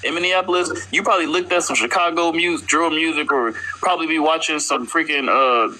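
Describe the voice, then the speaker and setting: A man from Texas who argues in a heated, quick way during a live debate chat. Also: a little high, steady tone, sharp tone, rough recording.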